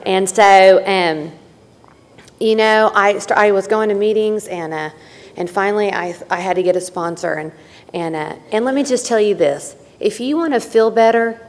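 A woman's voice: mid-range voice, moderate pace, darkish tone. A woman giving an earnest personal testimony to a recovery meeting, candid and repetitive as she tells her story. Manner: candid and earnest, with repeated phrases and restarts. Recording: echoey hall.

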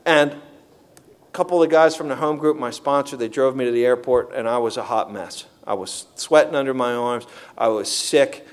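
A man telling his recovery story to a meeting in an earnest, animated way. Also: medium pitch, normal speed. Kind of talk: personal recovery testimony.

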